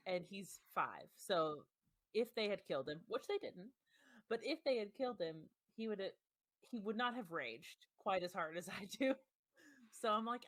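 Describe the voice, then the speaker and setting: A woman co-hosting a podcast, her pitch moving lively as she reflects with amusement. The recording is dry and close. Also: no room sound. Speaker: podcast co-host. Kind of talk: casual podcast chat.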